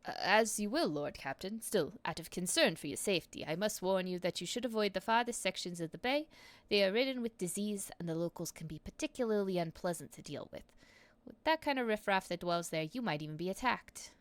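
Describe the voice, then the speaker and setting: A woman's voice: mid-range voice, animated, fairly quick, no room sound, lightly acted. A woman voicing a stern male enforcer captain, officious and scornful, reading game dialogue aloud in stiff formal speech.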